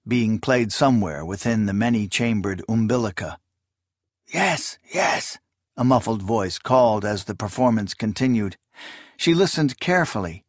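A man reading a fantasy novel aloud as narrator, in a measured, steady storytelling delivery. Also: medium pitch, no echo, clean studio sound. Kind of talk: scripted audiobook narration.

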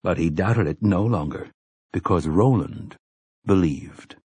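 A man narrating an audiobook in measured, even storytelling. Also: low-pitched, slightly rough, no echo. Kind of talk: scripted narration.

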